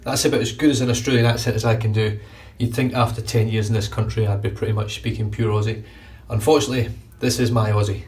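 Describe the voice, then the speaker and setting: A middle-aged Glaswegian man from Scotland, with a lowish, slightly mellow voice, reviews shaving gear in his bathroom. This shaving vlogger chats casually and swears freely, recorded from a distance on a phone camera.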